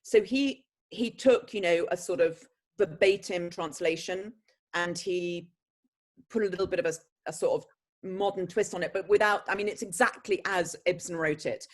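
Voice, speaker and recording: Animated actress telling stories. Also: female voice, lowish voice, moderate pace. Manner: animated storyteller, breaks into laughter. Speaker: actress guest. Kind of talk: conversational interview, anecdotes.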